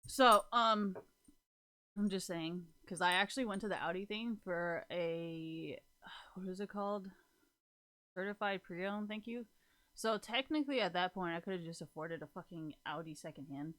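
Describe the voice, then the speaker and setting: A woman's voice: fairly low pitch, normal speed, a bit bright. Young woman, casual vlog storytelling, rambling, giggly, frequent swearing, filler-heavy chatter. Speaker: vlogger.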